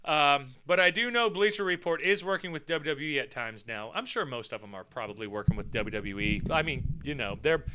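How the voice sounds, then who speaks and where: A man rants at a list, cursing freely and breaking into mocking voices. His voice sits high and swings widely in pitch. The tone is very bright and smooth. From United States. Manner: animated, swears a lot, mocks with put-on voices. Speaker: streamer reacting to a list and chat. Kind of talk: profane casual rant reading chat.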